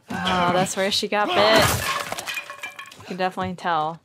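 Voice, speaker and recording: A woman's voice: lowish voice, fairly even intonation, normal speed, long pauses, very noisy. A woman hosting a gaming channel, giving casual, chatty commentary while she plays. She sometimes drops to near whispers and yelps and laughs when startled.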